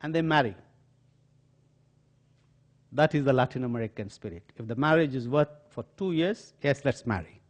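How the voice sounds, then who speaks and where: In an auditorium, an older man with an Indian accent gives a lecture built on animated, dramatically told stories. His medium-pitched voice moves fairly quickly, with hardly any pauses.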